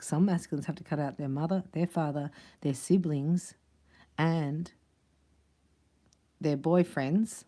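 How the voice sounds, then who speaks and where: A woman giving a casual spiritual tarot reading, chatty and quick to laugh. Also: deep voice, warm tone. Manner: chatty, laughs often, acts out other voices. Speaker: tarot reader.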